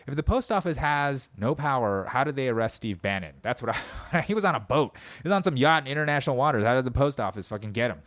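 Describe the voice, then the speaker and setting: A medium-pitched podcast host rants fast about politics with lively intonation and hardly any pauses, sarcastic, profane, and comedic while mocking people. The recording is dry.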